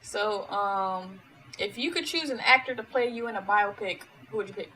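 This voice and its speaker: A woman hosts a casual interview with a bright, forceful voice. She tells her stories in an animated way, her energy rising as she gets into them, with a faint noise in the background. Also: mid-range voice, moderate pace, poor audio. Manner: animated, lively storyteller with laughs. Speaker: podcast host.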